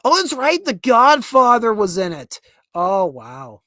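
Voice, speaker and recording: A man's voice: very high-pitched, wildly swooping pitch, a little slow, bright, forceful tone, no room sound, clean studio sound. A young man with a Pittsburgh accent, hosting a podcast and ranting casually, laughing and restarting as he goes. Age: young adult. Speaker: podcast host. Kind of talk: casual rant.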